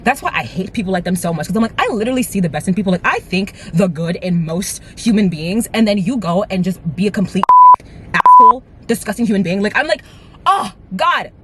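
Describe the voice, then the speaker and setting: Young adult storyteller, mid-pitch, rapid and animated, filler-heavy, casual profanity. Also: slight background noise. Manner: fast, rambling retelling full of "like" and "right?"; animated, swears freely. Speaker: vlogger. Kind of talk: storytime vlog.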